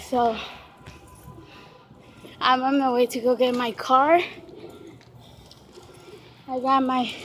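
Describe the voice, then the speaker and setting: Breathless high-voiced woman vlogging outdoors. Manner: chatty, switches into Spanish with family. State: out of breath from walking uphill. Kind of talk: casual vlog chat. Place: outdoors on a city street. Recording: noisy street background.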